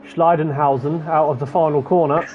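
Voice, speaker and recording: A man's voice: on the high side, fairly even intonation, normal speed, phone-quality sound, faint music behind. Man commentating a sim race. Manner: chatty, rattles off positions and gaps.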